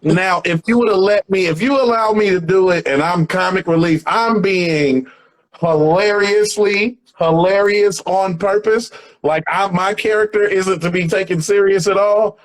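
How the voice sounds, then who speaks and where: A comedian talking in a loose, animated way, laughing through his stories. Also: sits high, measured pace, low-quality recording. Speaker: comedian guest. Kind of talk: casual chat.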